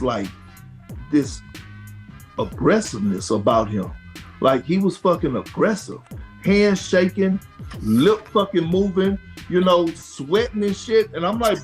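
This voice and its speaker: A man in a heated sports commentary clip, talking bluntly and indignantly with plenty of swearing. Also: high-pitched. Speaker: sports analyst.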